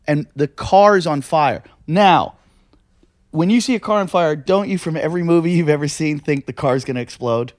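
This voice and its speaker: A man's voice: fairly high pitch, animated, normal speed, no room sound, studio quality. A male comedian telling rambling stories on a podcast, swearing freely, laughing often and acting out the people he quotes. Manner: swears a lot, acts out quoted voices. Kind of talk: casual storytelling chat.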